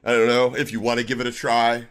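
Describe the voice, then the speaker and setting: A man's voice: medium pitch, completely flat delivery, fast, a bit bright, smooth. A man hosting a live stream, talking in a sarcastic, mock-polite and profane way. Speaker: streamer host. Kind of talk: casual live-stream rant.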